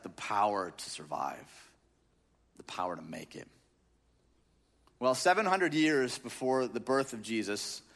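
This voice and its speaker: Slightly high and a bit bright, this man's voice belongs to a pastor delivering a sermon to a crowd in a large church auditorium. He keeps it casual and joking, with plenty of filler words. The hall adds long reverb to the sound.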